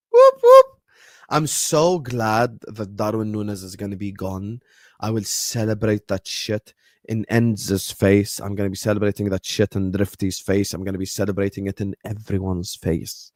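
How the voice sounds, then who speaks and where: Loud, ranting young man. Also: fairly low pitch, no room sound, studio quality. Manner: exaggerated, repetitive, mock-pleading, loud outbursts. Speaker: football channel host. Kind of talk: animated solo football rant to a live chat.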